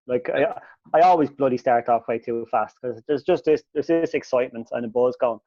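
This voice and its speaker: A man co-hosting a casual podcast, telling stories in an animated, self-mocking way. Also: mid-range voice, brisk, no echo. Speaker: podcast co-host. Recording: dull audio with faint hiss.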